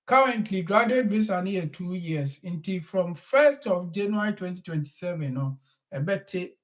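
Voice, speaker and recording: A man, a lawyer who explains immigration rules slowly and mixes English legal terms into his Twi. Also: sits high, lively intonation. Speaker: lawyer answering questions. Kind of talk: explanatory talk in a live online session.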